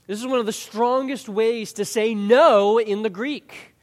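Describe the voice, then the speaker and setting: High-voiced preacher in a reverberant hall. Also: male voice, fairly even intonation, a little slow. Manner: earnest, emphatic, repeats words when restarting. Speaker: pastor. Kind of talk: expository sermon. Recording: long reverb of a large hall.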